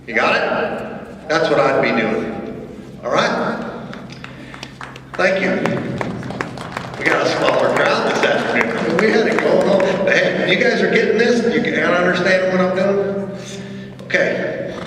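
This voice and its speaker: A man's voice: sits high, slow pace, long pauses, fairly bright tone, a little hiss or hum. A man, a horse training clinician, coaching riders through a live arena demonstration with short, repeated commands. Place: large indoor horse arena at an expo. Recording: echoey arena from far off.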